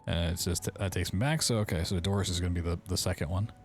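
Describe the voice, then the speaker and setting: A man with a fairly low voice plays through a game live, reading notes and letters aloud in a casual tone and breaking off for wry comments. Soft game music runs faintly underneath. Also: quick pace. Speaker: streamer.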